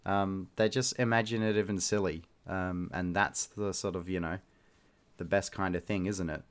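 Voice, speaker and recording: A man's voice: sits low, fairly even intonation, moderate pace, clear, resonant tone. A man reading a short story aloud, with loose, chatty asides where he laughs at himself. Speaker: reader and host.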